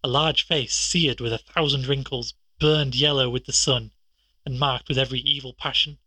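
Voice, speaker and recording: A man with a husky voice narrating a classic detective story in a measured manner. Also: medium pitch, fairly even intonation, sharp tone, no echo. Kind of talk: scripted audiobook narration.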